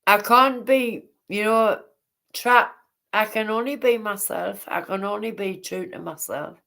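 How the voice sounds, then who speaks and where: A woman hosting a casual livestream chat, speaking haltingly and repeating herself. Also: medium pitch, vocal fry, fairly bright tone. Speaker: livestream host.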